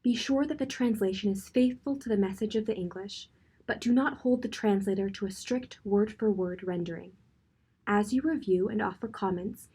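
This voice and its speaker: A woman giving scripted instructional narration in a calm, directive way. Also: mid-range voice, husky.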